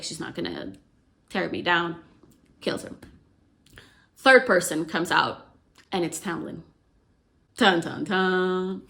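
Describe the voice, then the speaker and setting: A woman retelling a novel's plot in a casual, chatty way, with lots of "like" and "you know". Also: mid-range voice. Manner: chatty and animated, heavy use of "like" and "you know". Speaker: book explainer.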